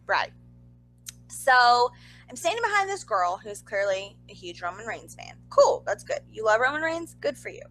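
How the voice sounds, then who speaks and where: A young woman co-hosting a podcast, telling a story in casual chat with animated, exasperated asides. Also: a little high, moderate pace, rough recording. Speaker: podcast co-host.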